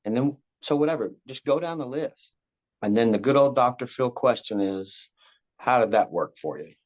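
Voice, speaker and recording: A man's voice: mid-range voice, animated, moderate pace, darkish tone. A man guest explaining a parenting approach in a casual, rambling way, often repeating himself and acting out what parent and child say. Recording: slightly dull lo-fi sound.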